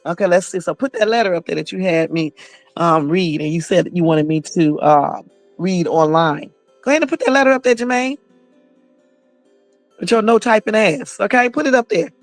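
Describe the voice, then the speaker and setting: A woman's voice: on the low side, normal speed, no room sound. A blunt, sassy woman chatting live on her phone, cursing freely and talking straight to her viewers. The sound is dry and close, with faint music underneath. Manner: blunt, sassy, profane storytelling. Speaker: YouTube livestream host. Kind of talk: casual livestream chat.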